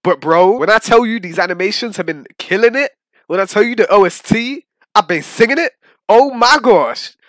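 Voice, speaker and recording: A young man hosting a casual reaction video, slangy and excitable, often breaking into shouts and laughter. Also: sits high, moderate pace, dry recording. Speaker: YouTube reaction host.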